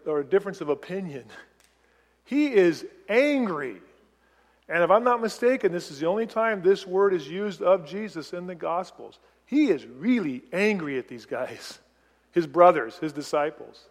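A man preaching a sermon as pastor, animated, putting questions to the congregation. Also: sits high, moderate pace, in a large hall.

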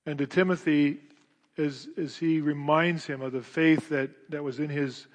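A man's voice: a little high, fairly even intonation, normal speed. A man preaching a sermon as pastor, earnest and emphatic, often repeating his words. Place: church sanctuary. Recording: long reverb of a church hall.

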